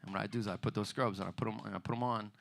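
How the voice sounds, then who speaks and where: A man's voice: on the low side, fairly even intonation, very fast, creaky, noisy background. A man performing a stand-up comedy set in a loose, conversational way, often asking "you know what I mean". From United States. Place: theater bar stage.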